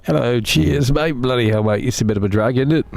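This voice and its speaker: A man's voice: medium pitch, fairly quick, gravelly, darkish tone, no echo, natural voice. A man putting on a mock British accent to play a taunting, rude male chatter, exaggerated and sneering.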